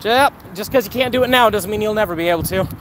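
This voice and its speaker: A man's voice: high voice, fast, a little hiss or hum. A man live-streaming a mobile game outdoors, chatting casually with viewers, joking and thanking donors.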